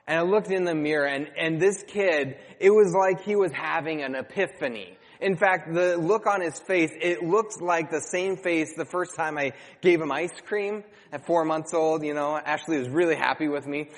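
A man in his thirties preaching a sermon as a pastor, telling a story in a chatty, animated way. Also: a little high, normal speed, hardly any pauses. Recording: long hall reverb.

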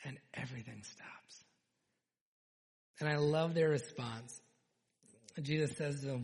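A man preaching a sermon, retelling a scripture story with animated storytelling and dropping to hushed tones for emphasis. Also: medium pitch, unhurried, long pauses. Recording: long reverb in a hall.

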